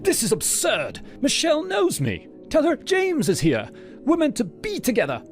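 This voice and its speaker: A man voicing an entitled, posh British male stalker who turns shrill and indignant. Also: wildly swooping pitch, normal speed, heavily acted. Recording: over loud background music.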